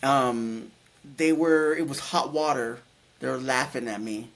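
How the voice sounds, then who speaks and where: A man's voice: mid-range voice, a little slow, fairly bright tone. A middle-aged man telling a personal story in a casual, rambling way, full of restarts and fillers. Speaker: guest telling his near-death story.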